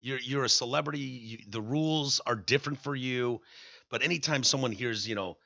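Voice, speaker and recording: A man's voice: medium pitch, brisk, gravelly, sharp tone, no echo, dull audio. A man with a Michigan accent co-hosting a podcast in casual banter, joking and acting out quotes. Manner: chatty, joking, acts out quotes. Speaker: podcast co-host.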